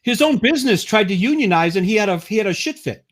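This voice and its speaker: A man's voice: high voice, lively intonation, quick pace. A man appearing as a guest on a casual political chat, blunt and profane, rambling through his points.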